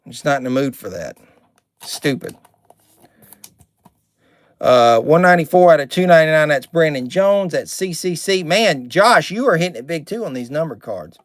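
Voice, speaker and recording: A man's voice: on the high side, expressive, normal speed, no room sound, studio quality. Man streaming a card break. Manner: chatty, reads names and card numbers, gets irritated.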